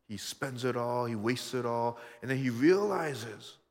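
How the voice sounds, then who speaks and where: A man's voice: mid-range voice, lively intonation, a little slow, in a large hall. A man preaching a sermon, telling personal stories and asking his listeners questions in an earnest way. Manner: earnest, personal storytelling with frequent rhetorical questions. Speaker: pastor.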